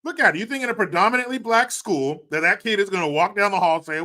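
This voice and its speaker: Fast and animated, this commentary host mocks and swears his way through his opinions, lurching from shouting to quiet mumbled remarks.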